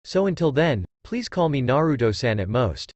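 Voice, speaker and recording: A man's voice: medium pitch, big pitch swings, moderate pace, a little mellow, no room sound, close to an everyday voice. A man voicing Naruto, a proud boy ninja. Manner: proud, insistent.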